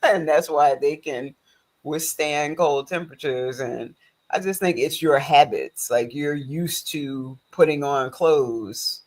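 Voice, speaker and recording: A man in a casual chat, relaxed and agreeable, often answering with short affirmations. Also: on the high side, takes it slowly.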